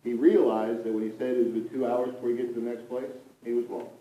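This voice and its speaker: A man recounting a mission trip story to a group, with animated, emphatic storytelling that often repeats itself. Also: mid-range voice, fast, highs cut off. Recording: roomy, from a distance.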